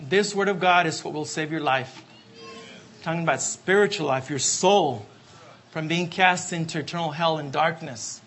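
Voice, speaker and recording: A man's voice: fairly high pitch, moderate pace, a bit bright. A man preaching a sermon, emphatic and repetitive, asking for amens. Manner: emphatic, repeats refrains, asks the congregation for amens.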